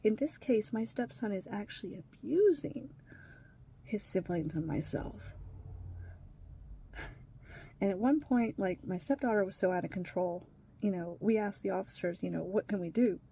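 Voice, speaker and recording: A woman talking in a confessional vlog as a stepmother, emotional, swinging between hushed whispers and raised, strained outbursts. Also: mid-range voice, animated, moderate pace, gravelly, pauses often, a little hiss or hum.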